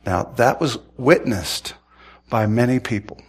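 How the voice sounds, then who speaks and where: A man preaching a sermon, telling stories in a folksy, conversational way and swinging from hushed tones to shouting. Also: medium pitch, unhurried, slightly rough. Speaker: pastor.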